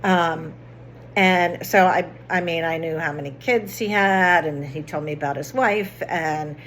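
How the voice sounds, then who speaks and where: A woman's voice: low voice, a little slow, fairly bright tone, a little hiss or hum. A woman vlogger chatting casually, rambling through a personal story with many restarts and fillers.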